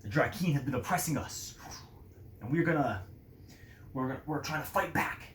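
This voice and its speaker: A sincere male rebel laying out his cause, as a man puts him on. He talks plainly and steadily in a slightly high voice. The sound rings in a roomy space with a faint hiss. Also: normal speed, a bit bright, close to an everyday voice. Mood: earnest. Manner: earnest, explanatory. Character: earnest male rebel fighter. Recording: roomy echo, faint noise.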